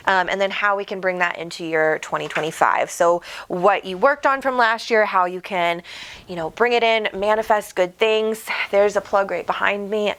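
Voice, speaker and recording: A woman's voice: mid-range voice, fairly bright tone. A woman hosting a casual home livestream on a desk microphone, chatty and bubbly, reading out viewers' comments. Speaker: psychic medium host.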